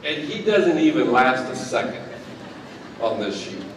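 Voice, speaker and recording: A man's voice: medium pitch, sing-song, unhurried, a little hiss or hum. Man telling funny stories in an echoing arena. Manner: humorous, self-deprecating storytelling. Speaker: keynote speaker. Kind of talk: commencement speech. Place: large indoor university arena. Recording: echoey arena, picked up from a distance.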